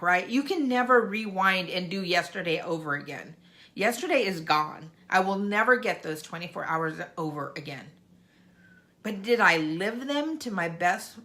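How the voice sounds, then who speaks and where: A woman's voice: medium pitch, bright, forceful tone. An older woman and grandmother, talking straight to her viewers in an earnest, encouraging vlog pep talk. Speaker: vlogger. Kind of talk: heartfelt motivational vlog talk.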